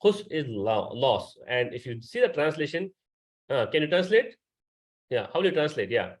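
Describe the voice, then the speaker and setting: A man's voice: on the high side, big pitch swings, normal speed. A man teaching a Quran class, patiently explaining grammar and quizzing his students. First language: Urdu.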